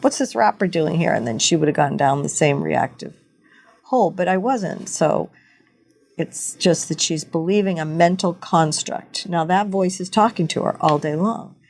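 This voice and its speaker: A woman's voice: lowish voice, gravelly, a little mellow. A woman who is a farmer and intuitive guide, speaking in an earnest, storytelling way as the guest in a casual interview. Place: farm.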